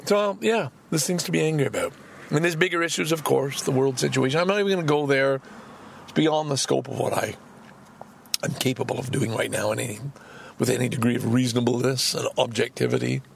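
A man's voice: mid-range voice, a little fast, vocal fry, slight background noise. A man hosting a podcast, ranting angrily and profanely with heavy emphasis. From Canada. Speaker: podcast host. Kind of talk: solo podcast rant.

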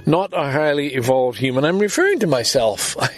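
A man's voice: on the high side, big pitch swings, fairly quick, soft background music. A man hosting his own podcast, ranting and swearing indignantly in a casual solo monologue, recorded from a parked car. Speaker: podcast host.

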